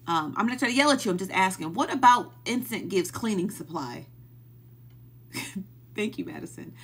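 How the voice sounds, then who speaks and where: A woman with a husky, slightly breathy voice talks straight into her phone on a live stream. She keeps circling back to the same incredulous questions, thanks viewers by name between them, and swings between muttering and near-yelling. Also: medium pitch, lively intonation, normal speed. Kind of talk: casual live stream commentary.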